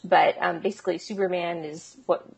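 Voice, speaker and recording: A woman's voice: fairly low pitch, steady tone, a little fast, gravelly, slightly rough, lo-fi sound. A woman co-hosting a podcast, explaining in a casual, chatty way with frequent ums and small laughs. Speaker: podcast co-host. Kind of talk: casual chat.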